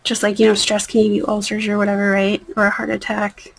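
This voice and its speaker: Woman, husky, gravelly, rambling casual chat, trails off quietly. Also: mid-range voice, monotone, fast, poor audio. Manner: rambling, soft-spoken, drifting into near-whispers. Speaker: nail art vlogger.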